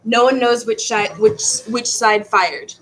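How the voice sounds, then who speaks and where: Rambling woman teacher, fairly high voice. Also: fairly even intonation, a little slow, a bit bright, slight background noise, poor audio. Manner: rambling, stumbles over words and restarts. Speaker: history teacher. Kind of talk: casual classroom lecture.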